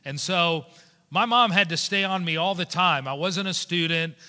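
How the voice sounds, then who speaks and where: A man preaching a sermon as a pastor, animated and storytelling, switching into voices for the people in his stories. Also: high voice, normal speed. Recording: long hall reverb.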